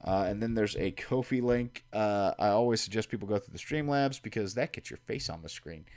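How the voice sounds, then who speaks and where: A man with a Kentucky accent casually telling stories to his livestream chat, swearing and making wry deadpan asides. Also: fairly low pitch, brisk. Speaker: livestream host. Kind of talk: casual storytelling. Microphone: home streaming mic.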